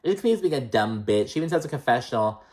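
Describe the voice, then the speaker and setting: A man's voice: medium pitch, sing-song, fast talker, a little mellow. Casual, gossipy man recapping reality TV. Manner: gossipy, profane, filler-heavy.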